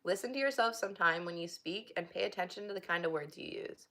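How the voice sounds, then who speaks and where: A young woman with a fairly low, bright, pushed voice reads a book aloud in a casual way. She reads haltingly, often stopping to chat and laugh.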